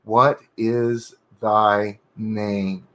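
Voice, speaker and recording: A man voicing a calm but stern exorcist priest who speaks in slow, deep, commanding statements without raising his voice. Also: slight background noise. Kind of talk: reading own horror story aloud.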